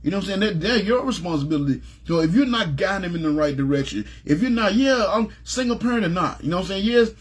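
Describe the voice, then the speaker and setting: A middle-aged man preaching in a casual, emphatic way, his voice sitting high for a man and carrying a husky edge. He talks in plain everyday words and keeps checking that his listeners follow him as he presses each point. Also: animated, fast, hardly any pauses. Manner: emphatic, plain-spoken, repeats "you know what I'm saying". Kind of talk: informal Bible teaching.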